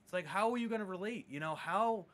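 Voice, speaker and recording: A man's voice: high voice, fast, a bit bright. A man who coaches throwing, chatting on a podcast in an earnest way and reasoning things out step by step. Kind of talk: casual podcast chat.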